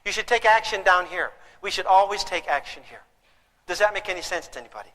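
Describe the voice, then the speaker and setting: A man giving a humorous parenting seminar, talking in an animated, theatrical way. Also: sits high, fast talker, big-room sound, poor audio. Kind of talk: humorous live seminar talk. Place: lecture hall with an audience.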